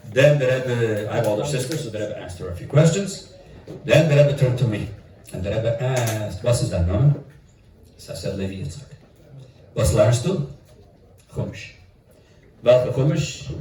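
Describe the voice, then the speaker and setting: A middle-aged man from Italy, a rabbi, telling an animated story at a gathering and dropping in Yiddish and Italian phrases. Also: fairly low pitch, a little hiss or hum. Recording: roomy echo from far off.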